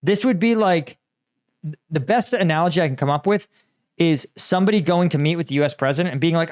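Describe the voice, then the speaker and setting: Host, young adult man, fairly high voice, sarcastic and animated commentary. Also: fairly quick, no echo, clean studio sound. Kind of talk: casual political commentary reading posts.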